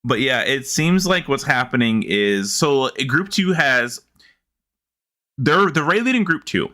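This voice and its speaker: Animated, bright-voiced man chatting. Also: medium pitch, measured pace, soft background music. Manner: excitable, gasps and laughs often. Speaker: podcast co-host. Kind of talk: casual gaming chat. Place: home, sitting beside co-host.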